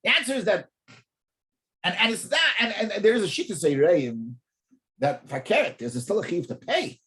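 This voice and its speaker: A man teaching an in-depth Talmud class, animated, often repeating words as he thinks and asking rhetorical questions. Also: sits high, normal speed.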